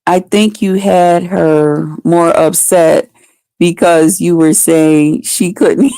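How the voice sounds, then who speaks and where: A woman's voice: fairly low pitch, fairly even intonation, takes it slowly, warm tone, clear, resonant tone, dry recording. A woman in her fifties chatting live with her viewers. She laughs often and answers them by name. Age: 50s. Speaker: livestreamer. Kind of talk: casual live chat with viewers.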